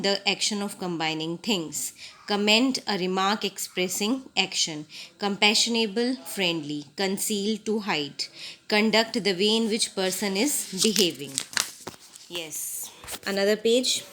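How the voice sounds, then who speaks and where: A woman teacher with an Indian English accent reads a vocabulary list word by word, giving short definitions and slipping into Hindi to explain. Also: medium pitch. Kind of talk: reading vocabulary lesson aloud.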